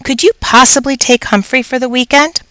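A woman voicing a stern female schoolteacher who speaks brisk and matter-of-fact to her class in a storybook reading. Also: high-pitched, fairly even intonation, pushed and bright, no echo, pitched above the performer's own voice. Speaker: teacher.

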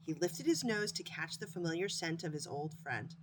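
Expressive woman reading a storybook. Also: fairly low pitch, normal speed, noisy background. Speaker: paraprofessional reading to students. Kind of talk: storybook read-aloud.

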